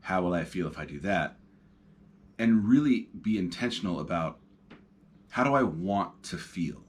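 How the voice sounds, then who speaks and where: A man in his thirties talks casually on his own podcast from the couch, reflective and wandering, peppered with ums and uhs. His low voice has lively intonation and a measured pace.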